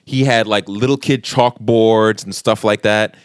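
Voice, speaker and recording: A man's voice: fairly low pitch, measured pace, smooth, no room sound, studio quality. A man in his thirties from the New York area, co-hosting a podcast and telling a long story with swearing and acted-out quotes. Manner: animated, swearing, acts out quotes. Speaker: podcast co-host. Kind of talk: casual storytelling chat.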